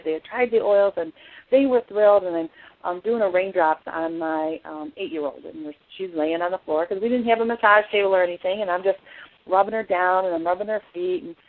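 A woman with a lowish voice tells a personal story as an essential oils presenter, speaking earnestly and often stopping to restart her sentences. The sound is thin and narrow, as if it came over a phone line. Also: a little fast. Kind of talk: personal testimony talk.

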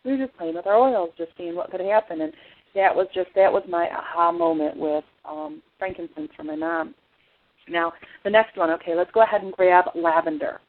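A woman with a lowish voice tells a personal story as an essential oils presenter, speaking earnestly and often stopping to restart her sentences. The sound is thin and narrow, as if it came over a phone line. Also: normal speed. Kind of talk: personal testimony talk.

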